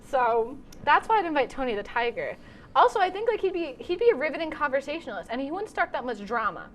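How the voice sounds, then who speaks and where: Young woman, comedic monologue, high voice, lively swooping delivery, exaggerated and playful. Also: quick pace, a little hiss or hum. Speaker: comedy show host.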